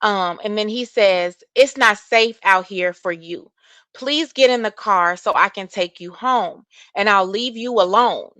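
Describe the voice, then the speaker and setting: Bright-voiced woman hosting livestream commentary. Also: medium pitch, measured pace, clear, resonant tone, no echo. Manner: reads text messages aloud and reacts with opinion; addresses viewers directly as y'all.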